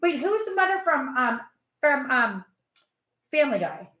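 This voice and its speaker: Animated high-voiced woman rambling. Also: unhurried. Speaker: livestream host. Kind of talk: casual livestream chat. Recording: echoey room.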